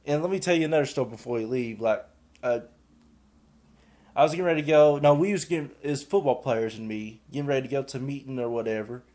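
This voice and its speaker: A man's voice: medium pitch, fast, darkish tone. A young man, a college athlete, casually telling a story and rambling with lots of filler. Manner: rambling, fills with "and stuff".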